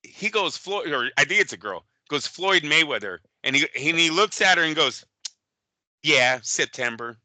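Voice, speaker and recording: A man co-hosting a boxing podcast in casual chat, animated and profane, often slipping into quick impressions. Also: fairly high pitch, no room sound, rough recording. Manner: animated, profane, impersonates fighters. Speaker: boxing show co-host.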